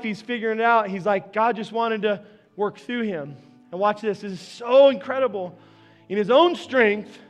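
Guy preaching a sermon, real high voice, chatty with the crowd, soft music behind. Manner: conversational preaching, addressing the congregation directly. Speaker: pastor.

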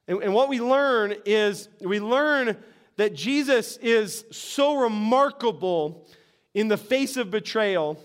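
Animated, high-voiced preacher man. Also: takes it slowly, smooth. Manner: animated storytelling, acts out characters. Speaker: pastor. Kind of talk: sermon.

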